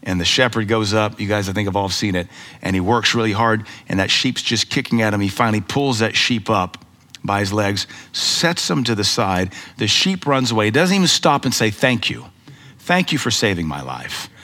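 A middle-aged American man, a pastor, preaching a sermon with lively storytelling and rhetorical questions. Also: moderate pace. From United States. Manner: animated storytelling preacher, rhetorical questions, voices pitch up for emphasis.

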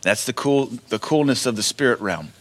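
Male pastor, casual sermon delivery, mid-range voice, alternates soft asides with raised declarations. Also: medium pitch, lively intonation, normal speed. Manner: conversational preaching, swings between loud declarations and quiet asides. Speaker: preacher. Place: church.

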